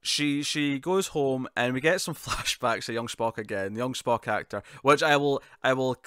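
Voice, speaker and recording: A man's voice: medium pitch, normal speed, bright, forceful tone, smooth, dry recording, studio quality. A man co-hosting a casual podcast review, talking with lots of laughs and repeated words. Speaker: podcast co-host.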